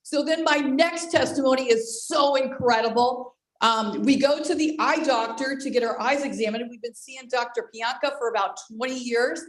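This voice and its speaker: A woman in her sixties giving an animated personal testimony on a team video call, exclamatory and speaking straight to her listeners. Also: high-pitched, moderate pace, few pauses, reverberant, rough recording. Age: 60s. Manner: excitable, exclamatory, addresses listeners directly. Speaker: presenter at a network marketing team call.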